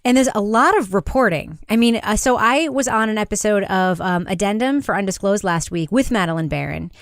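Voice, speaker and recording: A woman hosts a podcast, steering the talk in a loose, chatty way. Her voice sits at an ordinary pitch and is recorded close and dry, with no room sound. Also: expressive, brisk, no room sound. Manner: chatty, leads the discussion. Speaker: podcast host. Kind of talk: casual chat.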